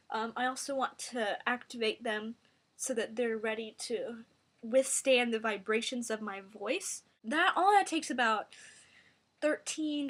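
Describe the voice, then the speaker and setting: A woman giving a mock singing tutorial in a deadpan, rambling, self-serious way. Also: sits high.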